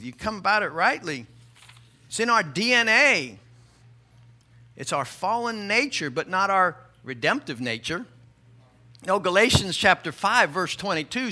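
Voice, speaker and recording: A male pastor preaching a sermon, animated and emphatic, asking the congregation rhetorical questions. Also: high-pitched.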